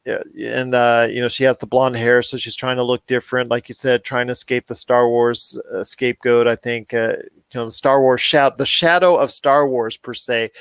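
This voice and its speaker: A man's voice: a bit bright, clear, resonant tone, no echo. A man co-hosting a casual pop culture podcast, rambling and correcting himself, his voice rising when something puzzles him. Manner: rambling, self-correcting, gets heated and higher when puzzled. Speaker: podcast co-host.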